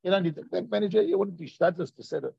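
A man teaches a lively Torah class, acting out quoted voices and questioning his listeners. His high-pitched voice is very fast, creaky, with a breathy edge. The recording is dry, dull, and lo-fi.

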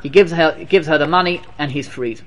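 A man with a high-pitched voice delivers a storytelling sermon. He speaks with emphatic energy and keeps repeating key phrases for effect. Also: fairly quick, slight background noise. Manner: animated, repetitive, emphatic. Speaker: religious teacher.

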